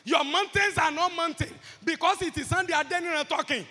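A man's voice: very high voice, a little fast, sharp tone, in a large hall. A man preaching a sermon as pastor, impassioned and repetitive.

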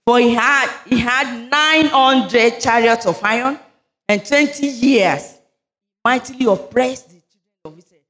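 A woman with a voice pitched well above the usual range delivers a sermon, shifting between reading scripture and fervent prayer. She speaks unhurriedly, her prayers swelling into loud declarations full of conviction.

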